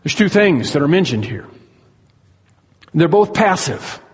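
Male preacher, somewhat high voice, earnest teaching sermon, long hall reverb. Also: big pitch swings, slightly rough. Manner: earnest expository preaching, stretches key words slowly.

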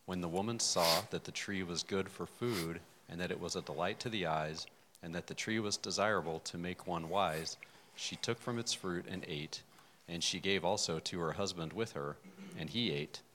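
Deep-voiced man reading scripture aloud. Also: moderate pace, a bit bright, a little hiss or hum, rough recording. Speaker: class member reading scripture.

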